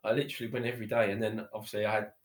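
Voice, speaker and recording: A man's voice: on the low side, flat delivery, very fast. A man, a podcast guest telling his story in a chatty, rambling way with many fillers. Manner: chatty, repeats himself, many fillers like "you know" and "literally". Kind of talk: casual conversational storytelling. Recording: roomy echo.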